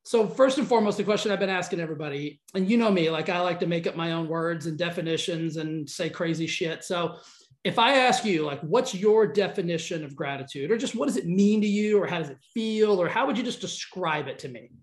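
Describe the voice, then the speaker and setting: Southern guy hosting a podcast, excited and rambly, roomy echo. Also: high voice, brisk. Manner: upbeat, rambling, enthusiastic. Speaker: podcast host. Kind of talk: casual interview chat. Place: California.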